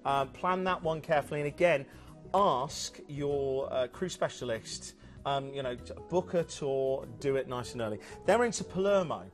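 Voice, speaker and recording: A man's voice: mid-range voice, normal speed. Man, upbeat cruise show host, chatty with fillers, faint music underneath. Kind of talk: enthusiastic sales chat.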